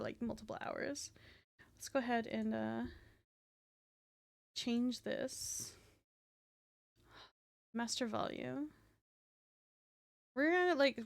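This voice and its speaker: A young woman streaming a game live, chatting casually and excitably, swearing and tacking on a playful "woof". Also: a little high, vocal fry.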